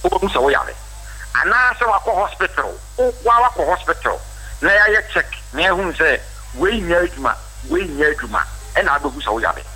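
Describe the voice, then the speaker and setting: A Ghanaian doctor speaks as a guest on a radio show, explaining his advice in a measured way. His voice is very bright and fairly high, with a lively, wide-ranging melody. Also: breathy edge, faint music behind, rough recording.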